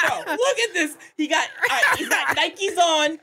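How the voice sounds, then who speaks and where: A man hosting a casual podcast, reacting excitedly to a video with lots of swearing and laughter. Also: extremely high pitch, moderate pace, vocal fry, hardly any pauses, background noise. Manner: excitable, profane, laughing often. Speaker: podcast host.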